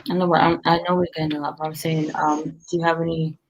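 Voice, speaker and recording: A low, flat voice with vocal fry comes through fast on a muffled recording with slight background noise. The speaker, a tired, yawning restaurant owner, gives business tips in a casual, rambling chat full of fillers and restarts.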